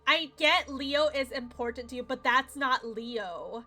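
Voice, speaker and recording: A woman's voice: high-pitched, unhurried, sharp tone. A young woman streaming a visual novel, ranting emotionally to her chat, swearing and near tears. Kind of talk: casual game commentary to chat. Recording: faint background game music. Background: game audio and music.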